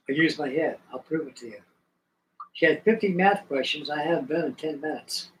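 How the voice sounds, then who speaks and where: An older man tells stories in a loose, meandering way, full of folksy asides. His voice sits a touch higher than most men's. He is from the American South and is in no hurry. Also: slight background noise, poor audio. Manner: folksy, rambling, drawn-out reminiscing. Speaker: livestream host. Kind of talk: rambling storytelling chat.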